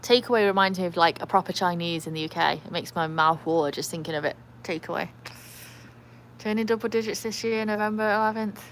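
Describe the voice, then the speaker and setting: A woman's voice: on the low side, brisk, a little hiss or hum. An English woman hosting a casual livestream, chatting in a rambling way and reading viewer comments aloud. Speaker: livestream host with a trick dog. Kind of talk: casual live-stream chat.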